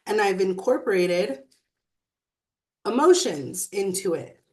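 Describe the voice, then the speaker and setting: Slow, earnest mother speaking reflectively. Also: mid-range voice. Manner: earnest, measured, with thoughtful pauses. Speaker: mother and emotional wellness speaker. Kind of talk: reflective personal talk.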